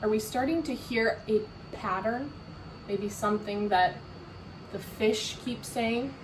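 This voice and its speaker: Woman teacher, storybook read-aloud, animated, slow, echoey room, distant mic. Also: fairly high pitch, background noise. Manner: animated, asks questions, laughs. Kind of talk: reading a picture book aloud to children. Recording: roomy echo from far off.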